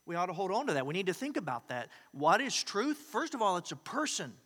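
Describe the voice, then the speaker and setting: A man preaching a sermon as a pastor, swinging between emphatic loud declarations and hushed, quiet asides. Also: sits high, sing-song, a little fast, big-room sound.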